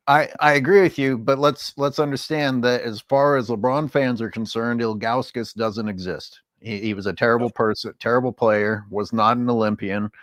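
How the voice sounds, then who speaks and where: A man's voice: medium pitch, a bit bright, dry recording. A man co-hosting a sports rant livestream, talking in a sarcastic, stammering ranting manner. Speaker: co-host.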